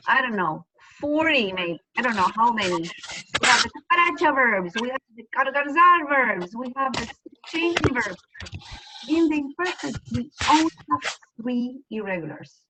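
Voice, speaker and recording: A woman's voice: sits high, noisy background. A woman teaching a Spanish class over a video call, explaining patiently and step by step. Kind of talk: online class lesson.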